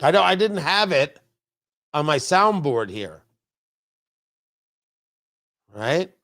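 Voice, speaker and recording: A man's voice: a little high, sing-song, unhurried, fairly bright tone. A male radio talk show host giving opinionated political commentary from the studio, full of sarcastic, riffing asides.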